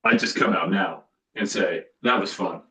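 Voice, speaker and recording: A man's voice: deep voice, normal speed, sharp tone, poor audio. A man from New Jersey co-hosting a podcast, chatting casually about sports with dry, wry asides. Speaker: podcast co-host.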